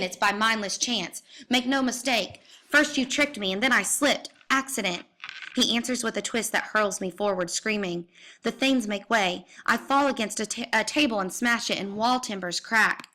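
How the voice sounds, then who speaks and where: Bright-voiced woman reading dramatically. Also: mid-range voice. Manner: intense, vivid storytelling with rising cries. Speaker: reader.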